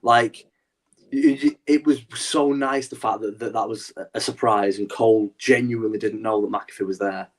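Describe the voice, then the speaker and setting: A man's voice: lowish voice, fairly even intonation, normal speed. A man co-hosting a wrestling podcast, talking animatedly in a rambling, casual way with lots of restarts. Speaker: podcast co-host.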